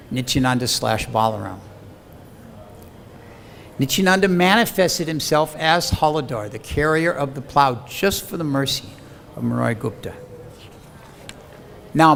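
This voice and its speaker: A man giving a scripture lecture as an animated, dramatic storyteller who acts out the quoted voices. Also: a little high, gravelly. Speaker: preacher. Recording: long hall reverb, faint background hum.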